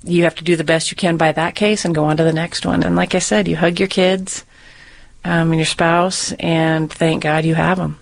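A woman's voice: sits low, steady tone, normal speed, vocal fry, no room sound. A woman from Montana, a retired police officer, speaking earnestly and reflectively. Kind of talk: personal interview.

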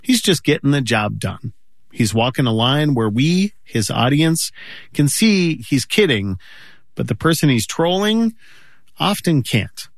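Calm man narrating a news feature. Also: medium pitch, measured pace, dry recording, clean studio sound. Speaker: radio reporter.

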